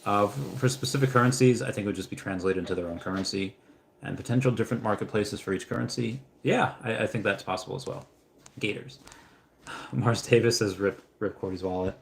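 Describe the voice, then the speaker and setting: Stammering male livestream host, low voice. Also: a little fast, gravelly. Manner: reads out chat messages, then rambles into anecdotes; frequent stammered restarts. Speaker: livestream host answering viewer questions. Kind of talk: casual livestream chat reading viewer comments.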